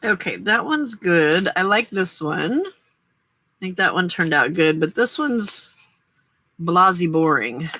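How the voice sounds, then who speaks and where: A woman's voice: lowish voice, big pitch swings, slow, sharp tone, slight background noise. An older woman hosting a casual late-night crafting livestream, chatting to viewers and getting emotional over their kindness. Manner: chatty, emotional, reacting to chat. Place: small home craft room.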